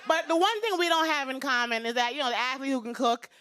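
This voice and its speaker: A woman's voice: high voice, quick pace, fairly bright tone, some chatter behind, slight background noise. A woman in her fifties doing a brash, confiding stand-up routine on stage before a live audience. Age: 50s. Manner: brash, confiding, punchline-driven. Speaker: stand-up comedian.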